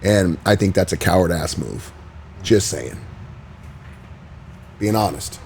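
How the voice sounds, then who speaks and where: A man's voice: low voice, expressive, takes it slowly, creaky, a little mellow, slight background noise. A man co-hosting a podcast, speaking bluntly and with frustration, with many hesitant ums. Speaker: podcast co-host. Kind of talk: casual opinionated chat.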